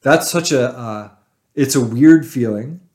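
A man's voice: mid-range voice, unhurried, a little mellow. A man, a writer talking as a podcast guest, rambling and swearing in a self-deprecating way. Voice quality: nerdy voice. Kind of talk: casual chat.

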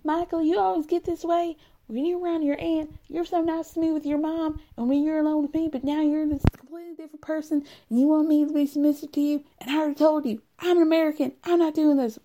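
A woman voicing a shrill, defiant wife who berates her husband in a strident, screeching tone. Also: fairly even intonation, fast talker, hardly any pauses, warm tone. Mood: indignant ranting.

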